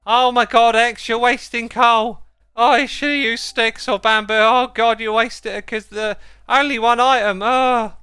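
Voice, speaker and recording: A man voicing a squeaky, excitable teenage boy gamer who shrilly scolds and panics. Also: unhurried, hardly any pauses, clear, resonant tone, no echo, exaggerated voice. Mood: shrill scolding.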